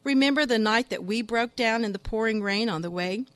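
A woman voicing a churchgoing wife who gently scolds her husband. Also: a little high, fairly quick, dry recording, close to an everyday voice. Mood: scolding.

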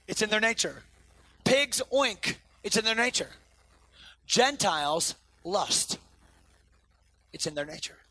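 A man preaching a sermon to a congregation as pastor, animated and swinging between loud outbursts and quiet intensity. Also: high-pitched. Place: church sanctuary before a congregation.

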